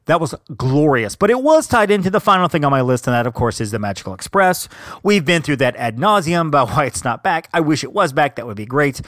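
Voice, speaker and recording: A man's voice: a little high, very animated, brisk, a bit bright, dry recording. A man hosting a solo podcast in casual chat, enthusiastic and rambling, often breaking off to correct himself. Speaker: podcast host.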